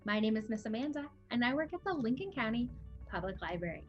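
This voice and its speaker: A woman librarian whose voice is on the high side hosts a children's storytime, reading a picture book slowly and expressively and asking the little ones questions. The sound is lo-fi, with soft background music playing.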